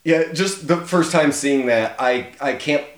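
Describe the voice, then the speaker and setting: A man's voice: on the high side, unhurried, reverberant. A man co-hosting a casual movie discussion, enthusiastic and swearing freely, often breaking into laughs. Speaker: podcast co-host.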